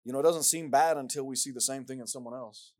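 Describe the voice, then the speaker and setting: Male preacher, earnest, repeats himself, mid pitch, dry room. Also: fast talker, no room sound, rough recording. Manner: earnest, repeats words, rises loud when reading scripture. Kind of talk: sermon.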